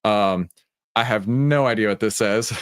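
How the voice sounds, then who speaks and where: A man's voice: on the low side, a little slow, clear, resonant tone, no echo, studio quality. A middle-aged man with a Texan accent hosts a livestreamed trading room, talking casually with lots of fillers. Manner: casual and chatty, many fillers.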